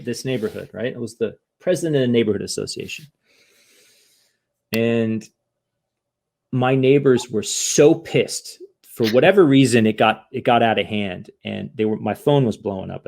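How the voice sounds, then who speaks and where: A man guest on a podcast, telling a story in casual chat, lively, often acting out quoted voices and asking "right?". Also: medium pitch, moderate pace, creaky. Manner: animated, acts out quoted voices, frequent "right?".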